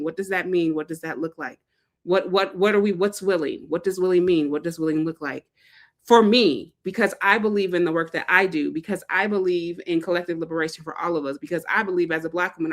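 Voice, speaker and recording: A woman hosts a live fundraiser stream in a relaxed, chatty way. Her voice sits a little low, and she livens it with playful quoted asides. She is loose and conversational, full of fillers. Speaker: livestream host, fundraiser organizer. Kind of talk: casual livestream talk.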